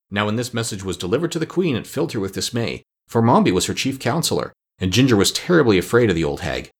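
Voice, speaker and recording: A man narrating a classic children's storybook in a measured, even reading. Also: fairly low pitch, breathy edge. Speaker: audiobook narrator. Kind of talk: scripted narration.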